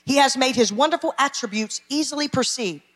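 Woman pastor, emphatic sermon, bright sharp voice, congregation call-outs. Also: high-pitched, brisk. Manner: emphatic preaching, calls out to the congregation. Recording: long hall reverb.

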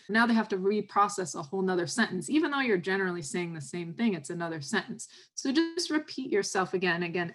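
A woman speaking as a podcast guest who gives parenting advice on speech, explaining patiently and brightening when she acts out example phrases. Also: lowish voice.

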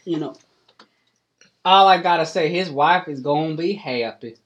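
A man voicing a crude, gossipy old farmer with a put-on Southern hillbilly drawl, loud and folksy, for a tabletop game. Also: fairly high pitch, normal speed, lo-fi sound, voice pushed up, lightly acted. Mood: rambling.

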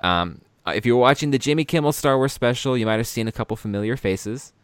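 A man's voice: medium pitch, lively intonation, fast, clean tone, no echo. A man hosting a casual podcast, rambling and correcting himself in an upbeat way. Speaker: podcast host.

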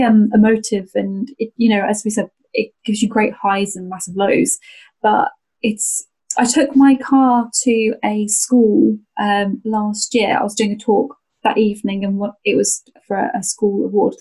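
A woman's voice: medium pitch, mellow, poor audio. Chatty young woman rally driver. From North Wales. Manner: chatty and enthusiastic, many restarts and fillers, laughs often. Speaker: rally driver and podcast co-host. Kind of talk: casual conversational interview.

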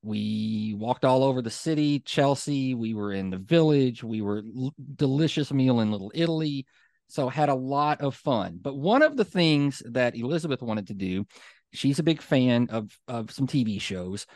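A man's voice: medium pitch, lively intonation, moderate pace, a little mellow, no echo. Chatty male podcast host, dry sound. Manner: chatty storyteller, many fillers, gets fired up. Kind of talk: casual chat.

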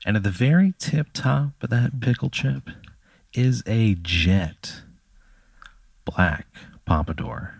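A man's voice: fairly low pitch, expressive, slow, vocal fry, pauses often, slightly rough, dry recording. A man telling an improvised comedy story, rambling with lots of filler words.

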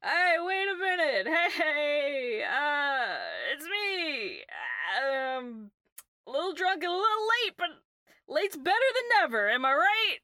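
This is a lanky, drunk human bard with a squeaky, strained voice that leaps far above the speaker's own, done by a woman. He stammers and brags cheerfully, loud and a little sloppy. Dry, close sound. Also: very animated, slow, no room sound, exaggerated voice. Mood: tipsy boasting. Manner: tipsy, stammering, boastful.

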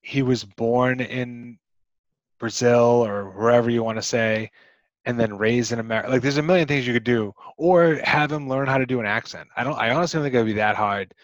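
A man's voice: mid-range voice, a little fast, no echo, lo-fi sound. A man co-hosting a podcast, talking through a movie in a casual, rambling way with plenty of fillers. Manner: rambling, chatty with many fillers. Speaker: podcast co-host.

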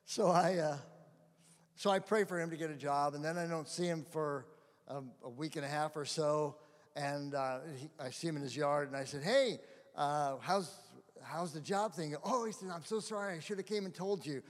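A middle-aged male pastor telling stories in a sermon, animated and often laughing. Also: on the high side, normal speed. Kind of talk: sermon storytelling. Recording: long hall reverb.

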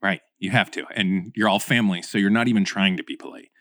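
A talkative man guesting on a casual podcast, eager and quick to act out quoted lines. His voice sits a little low, and the sound is dry and close with no room around it. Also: fairly even intonation, a bit bright, no room sound. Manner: talkative, enthusiastic, acts out quotes. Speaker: podcast guest, audio editor.

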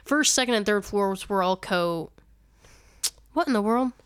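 A woman's voice: medium pitch, lively intonation, a little slow, smooth, dry recording, clean studio sound. Rambling woman podcast host. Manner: rambling, self-correcting, laughs often. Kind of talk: casual storytelling chat.

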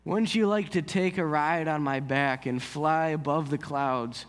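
A man voicing a sly male dragon that whispers in a soft purring voice. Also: fairly high pitch, a little slow, long reverb tail, pitched below the performer's own voice, lightly acted. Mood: tempting.

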